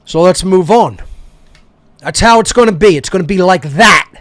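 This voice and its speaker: High-pitched man in a profane, angry rant. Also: lively intonation, normal speed, fairly bright tone, no room sound. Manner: heated, profane, confrontational. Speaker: talk show host. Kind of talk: angry ranting monologue.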